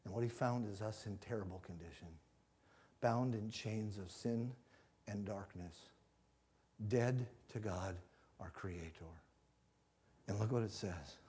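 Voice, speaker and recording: A man evangelist preaching a sermon in a church, swinging from hushed passages to loud rising climaxes and acted-out stories. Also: fairly low pitch, a little slow, long pauses, slightly rough. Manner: storytelling with shouted acted-out cries. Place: church sanctuary.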